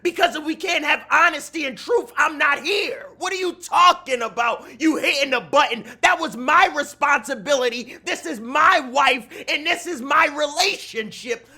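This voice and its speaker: A man live-streaming his reaction to a game show, shouting with excitable, playful mock outrage. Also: extremely high pitch, moderate pace, hardly any pauses. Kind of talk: loud reaction commentary.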